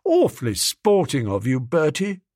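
A man voicing a lovesick young gentleman who talks earnestly and anxiously. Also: on the high side, wildly swooping pitch, measured pace, no room sound, studio quality, exaggerated voice. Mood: fretful. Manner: earnest, fretful, pleading.

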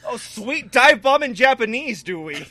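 A man's voice: extremely high pitch, very animated, moderate pace, bright, forceful tone. A man co-hosting a comedy podcast, spinning absurd shock-humor bits with stammering restarts. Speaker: podcast co-host. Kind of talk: casual comedic podcast banter.

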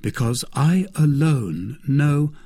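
A man voicing a young gallant swordsman in an audiobook, speaking in a calm, caressing, persuasive way. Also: fairly high pitch, slow, breathy edge, voice pushed up, exaggerated voice. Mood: tender.

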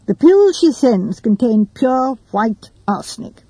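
A woman voicing a young man laying out a theory slowly and deliberately. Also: fairly high pitch, big pitch swings, warm tone, breathy edge, no room sound, exaggerated voice, rough recording. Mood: reasoning. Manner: slow, deliberate explaining.

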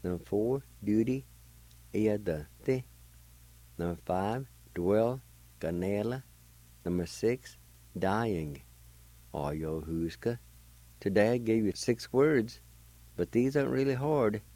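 A man's voice: on the low side, slow, pauses often, dark tone, no echo, rough recording. A man teaching a language lesson on the radio, patiently spelling words letter by letter and sounding them out.

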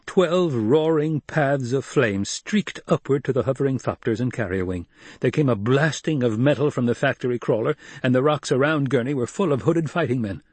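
Husky male audiobook narrator. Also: mid-range voice, expressive, normal speed, darkish tone, no room sound.

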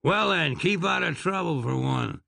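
Man playing a croaking, threatening Western sheriff, gravel-filled and dry. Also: on the high side, expressive, unhurried, bright, forceful tone, no room sound, voice pushed up, exaggerated voice. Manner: threatening and curt. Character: gruff, croaking Old West sheriff, man.

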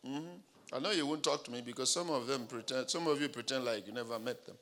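A male pastor preaching a dramatic sermon, building up to shouted declarations. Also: mid-range voice, brisk.

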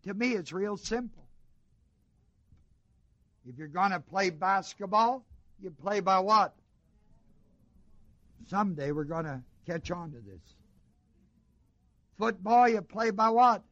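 Emphatic high-voiced man preaching a sermon. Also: pushed and bright, no room sound, lo-fi sound. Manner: call-and-response questions to the congregation, emphatic repetition.

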